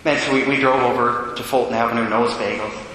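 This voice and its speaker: A man who is a Catholic priest, telling a story in a sermon and acting out the dialogue with animated changes in his voice. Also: medium pitch, a little fast, slight background noise. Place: church. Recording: echoey church hall.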